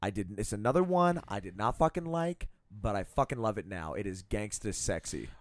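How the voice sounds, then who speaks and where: A man's voice: on the low side, expressive, a little fast, dry recording, studio quality. A young man hosting a casual podcast, reviewing songs in a laid-back way and swearing freely. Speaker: podcast host. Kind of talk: casual chat reviewing an album.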